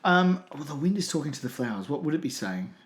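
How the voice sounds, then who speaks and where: Comic co-host, animated pitch, echoey room, deadpan jokes. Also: male voice, fast. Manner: jokey, deadpan asides. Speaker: podcast co-host. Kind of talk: comedic banter.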